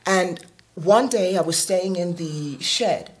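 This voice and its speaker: Woman with a lowish voice telling her story, earnest and lively, acts out what people said. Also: slow pace. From New York. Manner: earnest, animated, acts out quoted speech. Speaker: devotee sharing testimony. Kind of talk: personal storytelling.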